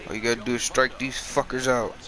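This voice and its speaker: A man's voice: medium pitch, quick pace, low-quality recording. A young man chatting and swearing casually while playing a baseball video game. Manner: profane, animated banter. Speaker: gamer. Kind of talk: casual gaming commentary. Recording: game crowd noise behind.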